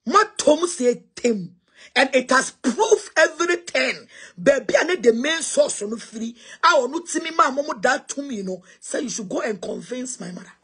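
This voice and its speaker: A woman's voice: high voice, expressive, normal speed, fairly bright tone, breathy edge. A woman with a Ghanaian accent giving an impassioned, confrontational spoken response, switching between Twi and English.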